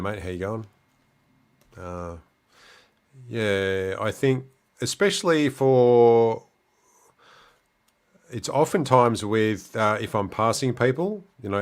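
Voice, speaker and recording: Chatty Australian man reading comments. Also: fairly low pitch. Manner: relaxed, chatty, many fillers and restarts. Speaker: livestream host. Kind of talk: casual livestream chat reading comments.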